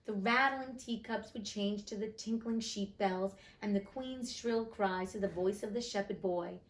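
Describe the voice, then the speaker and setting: A woman's voice: mid-range voice, a little slow, slight background noise, rough recording. A woman reading a classic storybook aloud, with chatty, emotional asides to listeners. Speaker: reader of classic books.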